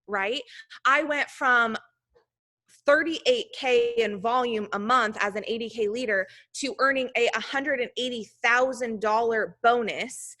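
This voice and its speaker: Fairly high and sharp in tone, this woman's voice drives a chatty pep talk to her sales team. She's talkative, says "like" constantly, and wanders off into casual asides.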